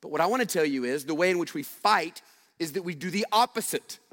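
Guy pastor preaching, fairly high voice, chatty with lots of questions, long echo. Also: lively intonation, brisk, a bit bright. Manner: conversational, rhetorical questions, self-deprecating stories. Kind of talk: sermon.

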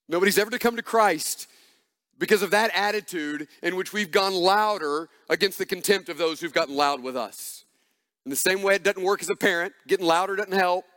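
A man's voice: high-pitched, fairly bright tone. A man preaching a sermon as pastor, emphatic and repetitive, building punchy refrains. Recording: long reverb of a large hall.

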